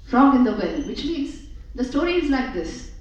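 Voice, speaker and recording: A woman giving a spiritual talk, measured and emphatic, repeating phrases for effect as she tells a story. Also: fairly high pitch, big pitch swings. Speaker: spiritual speaker. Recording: echoey hall from a distant, dull mic.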